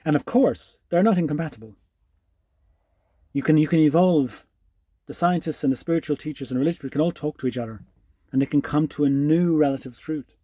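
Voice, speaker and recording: A man hosting his own channel, talking calmly and reflectively to the camera, often restarting his sentences. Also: on the high side, fairly quick, dry recording. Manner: calm, musing, with frequent restarts. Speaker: channel host. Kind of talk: reflective solo talk to camera.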